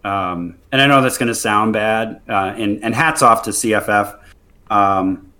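A man's voice: fairly low pitch, measured pace, pushed and bright. A man in casual podcast chat about a mobile strategy game, rambling with many fillers and restarts.

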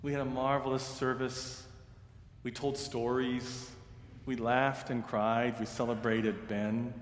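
Man, pastor, storytelling sermon, earnest and hushed, mid-pitched voice, reverberant sanctuary. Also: little pitch movement, slight background noise. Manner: earnest, grows hushed and slow in sad parts. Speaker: pastor and seminary teacher. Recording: reverberant hall with faint ambience.

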